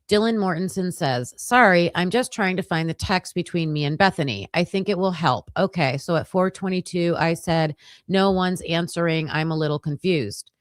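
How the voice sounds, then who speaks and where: A woman's voice: fairly low pitch, dry recording, clean studio sound. A woman hosting a casual true-crime livestream, reading case documents aloud and thinking aloud as she skims pages, with hesitant restarts.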